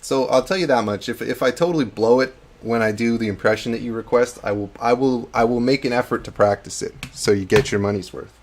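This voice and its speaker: A man's voice: mid-range voice, brisk, few pauses. A man hosting a live hobby-painting stream, chatting casually and laughing at himself. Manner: chatty, self-deprecating, laughs often. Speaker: host.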